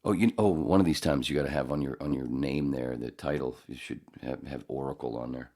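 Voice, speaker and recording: A man's voice: very deep voice, a little fast, a little mellow. A man hosting a podcast in casual chat, joking, rambling and swearing freely. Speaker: podcast host.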